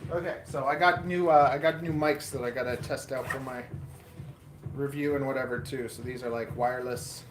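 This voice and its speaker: A man's voice: mid-range voice, fairly even intonation, moderate pace. A man hosting a casual live stream, rambling and muttering to himself while he sets up equipment indoors. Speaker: livestream host.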